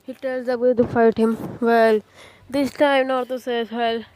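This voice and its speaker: A woman with a slightly high voice talks off the cuff, circling through fillers and restarts as she sums up a story. She often stops to search for a name before pushing on in her loose, rambling way. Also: level tone, unhurried, a little mellow, a little hiss or hum. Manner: rambling, leans heavily on "you can say" and fillers; hesitant, restarts and searches for names. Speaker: video narrator recapping a fan story. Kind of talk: casual unscripted recap.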